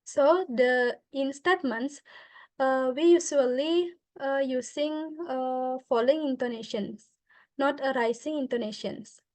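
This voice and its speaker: Young indonesian woman student doing a class presentation, high voice, slow and hesitant with lots of uh's, dry close sound. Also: darkish tone, dry recording. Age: young adult. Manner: hesitant, many filler "uh"s, switching between English and Indonesian.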